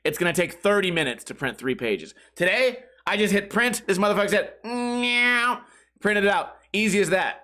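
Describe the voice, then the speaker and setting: A man with a high, bright voice, rambling through a comedy podcast monologue. He acts out his own reactions and swears freely, with plenty of "dude" and "bro." His delivery is loose and conversational. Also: expressive, fairly quick, hardly any pauses. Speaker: podcast host.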